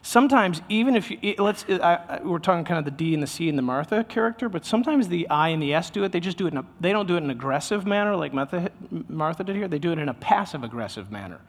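A man's voice: fairly high pitch, animated, fast, hardly any pauses, in a large hall. A man preaching a sermon in a loose, conversational way, often restarting his sentences. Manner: conversational, self-interrupting, with many restarts. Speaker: pastor.

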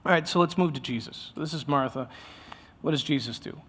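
A man's voice: fairly high pitch, brisk, a bit bright, slightly rough, long reverb tail. A man preaching a sermon in a loose, conversational way, often restarting his sentences. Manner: conversational, self-interrupting, with many restarts. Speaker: pastor.

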